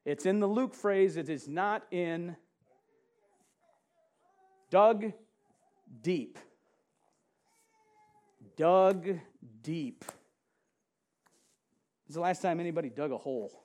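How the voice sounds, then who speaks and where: A man preaching a sermon to a congregation, chatting and asking them questions, then reading scripture slowly with emphasis. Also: fairly high pitch, a little mellow. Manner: conversational, asks the congregation questions, laughs often. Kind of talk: sermon with audience interaction. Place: church sanctuary with a congregation.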